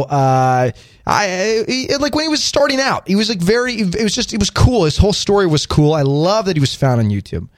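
A man's voice: on the high side, no room sound. A man hosting a casual studio talk show, chatty and stammering through restarts. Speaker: host. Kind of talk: casual podcast chat.

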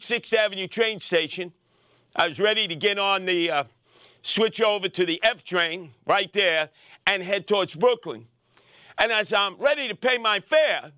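A middle-aged man tells a story as a podcast host, bursting into shouts at the big moments. His voice sits very high and sounds sharp and forceful. The recording is dry and close. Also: no room sound. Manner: excitable, shouting bursts, punchy street-tough delivery. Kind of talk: animated storytelling commentary.

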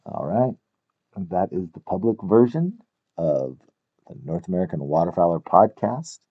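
A male podcast host talking in a relaxed, casual way, playful and quick to laugh. His voice sits a little low, and the audio has a dull, lo-fi tone. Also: husky. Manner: laughs often, playful and easygoing.

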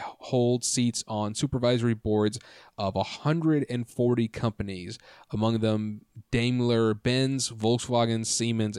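A man's voice: lowish voice, a little mellow, clear, resonant tone, no room sound, studio quality. Swearing male podcast co-host. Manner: rambling, frequent swearing and fillers. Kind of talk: casual podcast chat. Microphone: studio podcast microphone.

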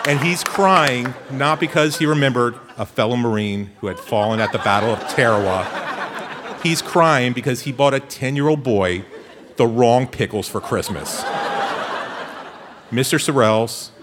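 Animated man telling a comic story. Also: medium pitch, unhurried, a crowd in the background, noisy background. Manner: animated, playful comic delivery.

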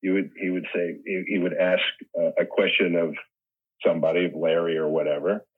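A man's voice: deep voice, flat delivery, a little fast, breathy edge. A man in his sixties, a guest actor telling rambling anecdotes in a casual interview, laughing often. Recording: tinny phone-like line.

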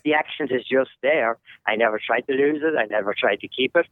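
A man's voice: medium pitch, a little fast, dry recording. Older irish guy joking around, sounds like a phone line, dry. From Ireland. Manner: jokey storyteller. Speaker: guest, soccer commentator. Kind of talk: casual podcast interview.

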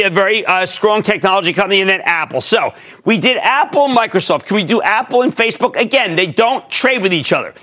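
A man in his sixties hosting a TV stock market show, talking in an emphatic, excitable way and sometimes shouting out names. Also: sits high. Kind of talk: energetic TV finance commentary.

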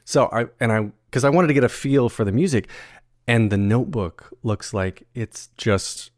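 A man from the American South hosting a podcast, chatting casually in a jokey, animated way with frequent restarts. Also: medium pitch, moderate pace, no echo, clean studio sound. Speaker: podcast host. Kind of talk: casual chat.

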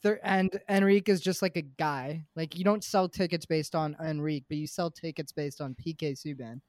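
A man chatting casually on a sports podcast, excitable and jokey, often trailing off quietly. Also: on the high side, normal speed, no echo. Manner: excitable, jokey, drifts quiet at line ends. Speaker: podcast co-host.

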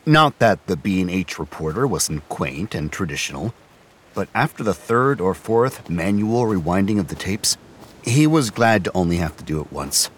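A man narrating an audio drama and reading all the characters' lines in a steady storytelling manner. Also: sits low, moderate pace, a little hiss or hum.

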